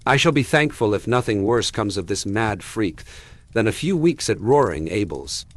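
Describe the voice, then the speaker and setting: A man's voice: fairly low pitch, lively intonation, moderate pace, lightly acted. A man doing a stern, pompous uncle.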